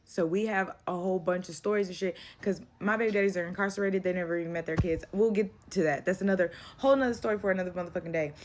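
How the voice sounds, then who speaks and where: A young adult woman telling a real-life story in a blunt, profane, animated way, acting out the dialogue. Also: on the low side, a little hiss or hum. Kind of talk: casual storytime vent.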